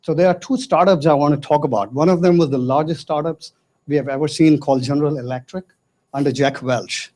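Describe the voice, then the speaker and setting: Man, classroom comment, earnest, emphatic, warm tone. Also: on the high side, a little fast. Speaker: guest speaking from the audience.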